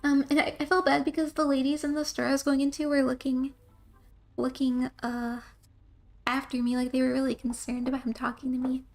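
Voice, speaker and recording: High-voiced chatty woman streamer. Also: level tone, brisk, a little mellow. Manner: chatty, rambling, laughs often. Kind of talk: casual game commentary and reading.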